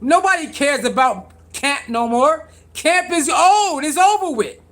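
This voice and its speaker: A man's voice: very high-pitched, expressive, a little slow, a bit bright. A man hosting a sports talk stream, arguing with his chat in casual slangy speech and hammering the same pointed rhetorical questions again and again. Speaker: sports talk show host. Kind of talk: live-stream commentary answering chat.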